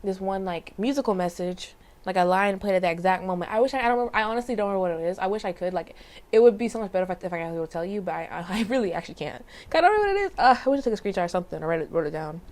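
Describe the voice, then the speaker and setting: A young woman talks to camera in a loose, rambling way, circling back and correcting herself often. Her voice sits at an ordinary middle pitch, and she peppers her story with fillers and soft laughs. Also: lively intonation, very fast. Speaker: vlogger. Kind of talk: casual personal storytelling.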